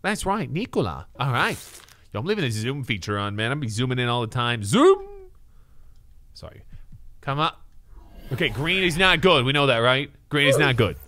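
A male streamer chatting excitedly to his live chat, loud and swearing, reacting and thanking viewers. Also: mid-range voice, fairly quick, no room sound.

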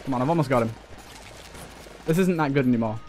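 A man's voice: mid-range voice, fast talker, darkish tone, soft background music. A young man giving casual let's play commentary, chatty and jokey, swearing and talking to enemies as he plays.

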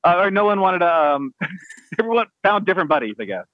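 Man, casual storyteller, rambling, laughing, slightly high pitch, dry muffled sound. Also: very animated, brisk, no echo. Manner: rambling, laughing, lots of fillers and restarts. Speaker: podcast co-host telling a sea story. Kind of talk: casual storytelling among friends.

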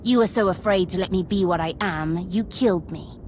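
Vengeful young empress voiced by a woman, lowish voice, cutting and scornful, game cutscene. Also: a little fast, darkish tone, slight background noise, close to an everyday voice. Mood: bitter. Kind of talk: video game dialogue.

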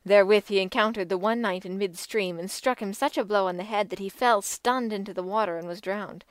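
Clear-voiced woman narrating an old tale. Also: medium pitch, no echo. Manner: measured and expressive. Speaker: audiobook narrator. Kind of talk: scripted storytelling narration.

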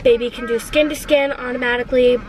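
A woman's voice: a little high, steady tone, quick pace, crowd noise, low-quality recording. A pregnant woman in her twenties chatting casually for a family vlog. She gushes and rambles emotionally, with lots of fillers. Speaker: family vlogger.

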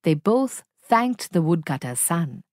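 A woman narrating a children's story at a slow, deliberate pace. Her pitch moves a lot and her delivery is clear and expressive. The recording is dry and close. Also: no echo.

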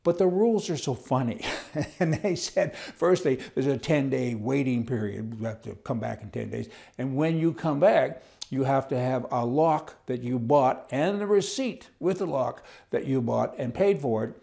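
Guy with a gravelly voice, blunt and rambly, chuckling at his own points. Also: mid-range voice, animated, moderate pace, dark tone. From Canada. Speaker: political commentator. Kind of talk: opinionated casual monologue.

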